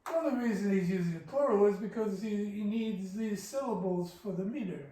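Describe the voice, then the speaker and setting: A man's voice: sits high, mellow. A man teaching classical Persian poetry, patiently explaining its meter and sounding out each syllable. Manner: slow, careful scansion, sounding out syllables. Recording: echoey room, voice from a distance.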